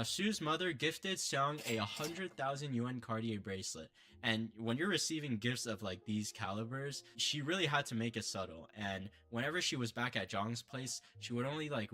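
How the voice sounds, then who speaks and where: A man's voice: mid-range voice, sharp tone. A man casually retelling a cheating scandal as commentary, full of sarcastic asides and playful exaggeration. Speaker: commentary streamer.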